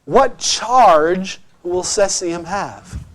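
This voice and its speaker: A man's voice: high voice, expressive, drawn-out words. A man teaching chemistry to a class, encouraging and often checking that students follow. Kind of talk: classroom lecture.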